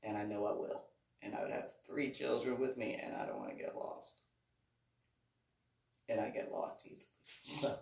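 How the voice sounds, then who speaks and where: A woman's voice: very deep voice, huge pitch swings, normal speed, gravelly, long pauses, darkish tone, a little hiss or hum. A woman author telling a story casually, rambling and meandering with lots of "like" and "you know" between her words. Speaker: author reading and commenting on her book. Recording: echoey room, voice from a distance.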